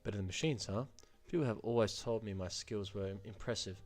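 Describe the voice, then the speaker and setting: A man's voice: on the low side, brisk, darkish tone, natural voice. A man doing a sulky cocky young man. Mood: resentful.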